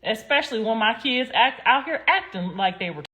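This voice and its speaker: A woman's voice: a little high, lively intonation, fairly quick, bright, forceful tone. A young adult woman hosting a casual livestream, talking straight to her viewers in a blunt, rambling way and swearing freely. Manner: sassy, talks straight to viewers. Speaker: livestream host.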